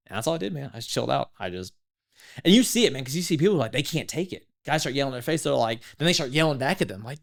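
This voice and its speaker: A man's voice: mid-range voice, sing-song, very fast, gravelly. A man from East Texas, a podcast guest in his thirties telling stories in a laid-back, slangy way. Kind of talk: casual storytelling interview.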